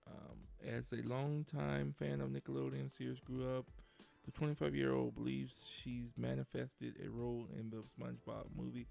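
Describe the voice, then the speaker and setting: A man with a strongly gravelly, fry-heavy voice chats through the day's entertainment headlines. He stops often to search his notes and fills the gaps with hesitations. Faint music runs underneath. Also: medium pitch, little pitch movement, darkish tone. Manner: reads headlines haltingly with many fillers. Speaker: podcast co-host. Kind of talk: casual news chat.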